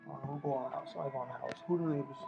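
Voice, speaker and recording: A rowdy man with a gravelly voice films himself on a handheld phone, going room to room in an apartment to wake his roommates. He taunts them, repeats the same lines over and over, and swings from shouts down to mutters. Music plays clearly behind him. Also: medium pitch, steady tone, very fast, dull audio. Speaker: roommate filming a wake-up prank. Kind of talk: loud profane teasing vlog. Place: apartment indoors. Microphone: handheld phone camera.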